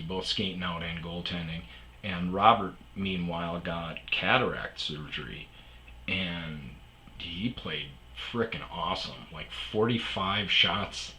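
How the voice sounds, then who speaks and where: Man, podcast host, rambling storyteller, low voice, echoey sparse room, faint background noise. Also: sharp tone. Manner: rambling, full of fillers and asides, acts out quoted voices. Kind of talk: casual storytelling monologue.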